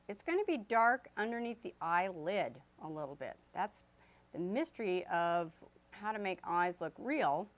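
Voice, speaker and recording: A woman teaching an oil painting lesson as she paints, chatty and loose, with fillers and self-corrections. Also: mid-range voice. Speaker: art instructor. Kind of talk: painting demonstration.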